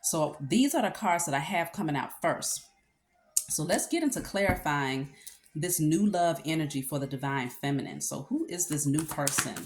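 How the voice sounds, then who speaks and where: A woman with a low voice talks through a tarot reading in an easygoing, conversational way. She stops often to check in with her listener and fills the pauses with casual asides. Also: a little hiss or hum. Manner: conversational, with fillers and check-ins. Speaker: tarot reader.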